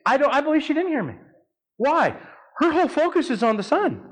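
A middle-aged man with a notably high voice, preaching from the pulpit. He tells his story with animation and humor, leaping up in pitch when the telling turns dramatic. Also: very animated, brisk, low-quality recording. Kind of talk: sermon storytelling.

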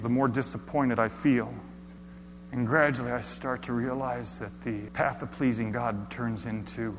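A man preaching a dramatic sermon, telling a first-person story with slow emphatic phrasing and drops to near-whispers. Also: medium pitch, steady tone. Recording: hall reverb with faint hum.

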